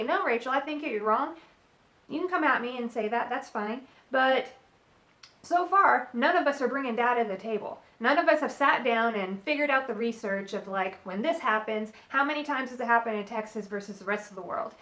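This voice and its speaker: A woman's voice: a little high, fairly bright tone. Chatty woman co-host in an echoey room. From California. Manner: chatty, frank, many fillers and restarts. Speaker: podcast co-host. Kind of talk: casual solo opinion talk.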